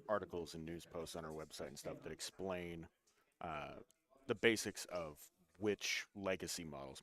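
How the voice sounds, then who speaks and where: A man's voice: very deep voice, fairly bright tone. A man co-commentating a tabletop tournament, explaining rules and units at length, hedging his points. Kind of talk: casual game commentary.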